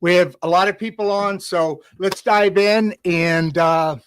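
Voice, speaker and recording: A man's voice: high-pitched, steady tone, a little slow, slight background noise. A man hosting a casual podcast interview, rambling with many fillers and restarts. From United States. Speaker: host.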